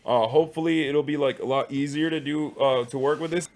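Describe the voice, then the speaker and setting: A male streamer putting on a pompous posh upper-class English accent, talking in a mock-genteel way with lively swoops. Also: a little high, brisk, close to an everyday voice. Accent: posh English (put on). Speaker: live streamer. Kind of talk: mock-posh comedic monologue.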